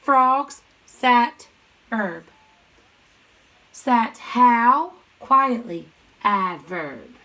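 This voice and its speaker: A woman teaching a grammar lesson, chanting sentence parts in quick questions and answers and speaking to students directly. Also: a little high, expressive, bright, forceful tone, low-quality recording. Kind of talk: recorded classroom lesson.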